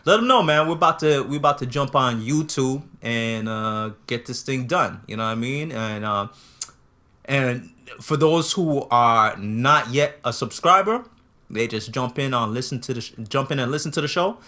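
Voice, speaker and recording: A man's voice: medium pitch, normal speed. A man co-hosting a casual podcast, chatting and urging listeners to subscribe and rate the show. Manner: animated, agreeable, hypes the show. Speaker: podcast co-host. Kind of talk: casual chat.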